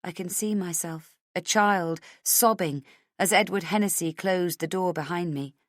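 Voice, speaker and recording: A woman's voice: on the low side, a little slow, dry recording, clean studio sound. A woman narrating a thriller audiobook in the first person, with tense, urgent storytelling.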